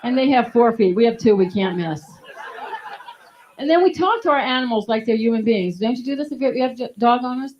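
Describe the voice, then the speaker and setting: A woman's voice: fairly high pitch, animated, a little fast, a little mellow, some chatter behind, slight background noise. A woman doing a stand-up comedy set, punchy and laughing at her own jokes. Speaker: stand-up comic. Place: live comedy stage. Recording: dull lo-fi live recording.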